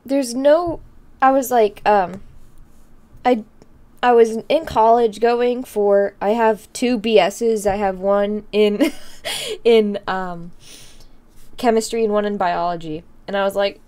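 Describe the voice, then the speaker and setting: A woman's voice: mid-range voice, takes it slowly, long pauses, darkish tone. A young woman streamer in her twenties chatting casually, teary and laughing, rambling with many fillers. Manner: emotional, laughing through tears, rambling with fillers. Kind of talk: casual live-stream chat.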